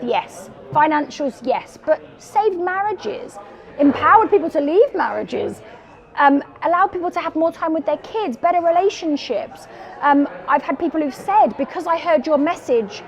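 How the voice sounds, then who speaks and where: High-pitched uk woman, middle-aged, animated storyteller doing the quotes. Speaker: guest entrepreneur. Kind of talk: storytelling interview answer.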